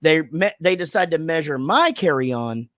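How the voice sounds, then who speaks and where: A male podcast host swaps stories in a casual, swear-heavy chat, his pitch jumping all over as he acts out what happened. His voice comes through dry and close, with no room sound. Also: normal speed, no echo. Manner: profane, animated storytelling.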